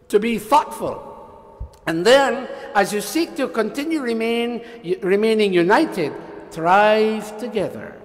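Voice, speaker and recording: A man leading a temple workshop, lecturing in an animated, teasing way and having the audience repeat lines after him. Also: sits high, in a large hall. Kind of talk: interactive sermon-style lecture. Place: temple hall.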